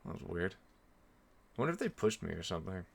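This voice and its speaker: A young man commenting on his own horror-game stream in a slightly low voice. He rambles casually to his viewers, dropping lots of ums and restarts. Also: sing-song, fast talker, creaky.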